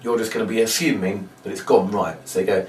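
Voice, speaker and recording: A man's voice: fairly low pitch, fairly even intonation, fast, darkish tone. A man, a magician, teaching a trick step by step in a chatty instructional demonstration. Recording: roomy, distant mic, faint background noise.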